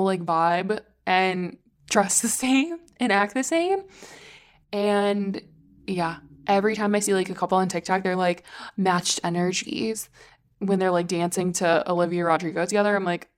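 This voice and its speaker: Chatty woman podcast host rambling. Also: mid-range voice. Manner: gushing, rambling, heavy "like" filler, swears casually. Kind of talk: casual solo podcast chat.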